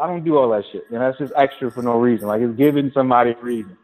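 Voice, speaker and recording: A man in casual chat, telling stories in an animated, profane way. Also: medium pitch, rapid-fire. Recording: tinny phone-like audio.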